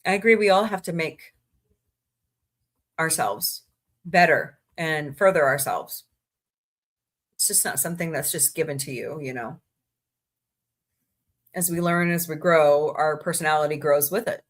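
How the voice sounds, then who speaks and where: Speaking low and at a measured pace with long pauses, a woman hosts a casual livestream. Between chatting with viewers she reads good-news stories aloud, adding her own remarks, and she's tired enough to yawn from time to time.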